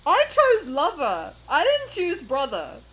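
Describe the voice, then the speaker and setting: A woman's voice: high-pitched, huge pitch swings, slow, fairly bright tone, low-quality recording. A woman streamer reacting live to a game, blunt and swearing freely as she talks back to her chat.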